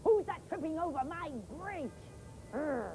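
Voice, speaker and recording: A woman's voice: very high voice, animated, measured pace, noisy background, voice pushed up, full character voice. A woman growling as a scary hungry troll. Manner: growls and roars between lines. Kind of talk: children's TV storytelling.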